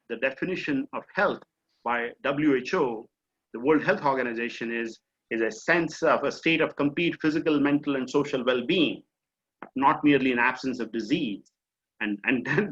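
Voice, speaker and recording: Over dull, lo-fi video call audio from a home or office, a middle-aged mindfulness coach with an Indian accent walks listeners through an online session. His mid-range voice is fairly bright and slightly rough, and he explains in a chatty way full of fillers.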